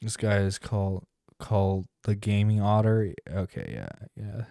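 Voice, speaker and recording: A man's voice: on the low side, animated, unhurried, vocal fry, mellow, no room sound, clean studio sound. A man hosting a stream, talking casually while reacting to a clip, rambling, swearing and exasperated. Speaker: streamer host. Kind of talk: profane casual commentary.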